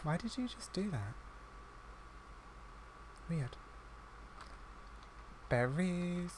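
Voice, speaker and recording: A man's voice: high voice, sing-song, very slow, noisy background. A man giving casual let's-play commentary on his own gameplay, chatty and easily flustered, exclaiming again and again when things go wrong. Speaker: gaming YouTuber.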